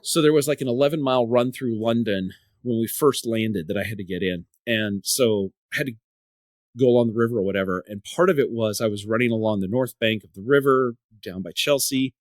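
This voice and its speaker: Male podcast host, middle pitch, casual rambling storyteller, dry close sound. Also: fairly quick, dry recording. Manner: rambling storyteller, repeats and restarts words. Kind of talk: casual chat.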